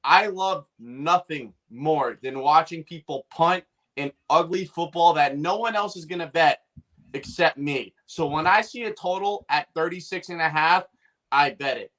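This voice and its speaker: A man's voice: on the high side, measured pace, fairly bright tone. A man hosting a sports betting show, cocky and punchy, firing off picks with catchphrases. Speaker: podcast host giving bets. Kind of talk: brash sports betting rant.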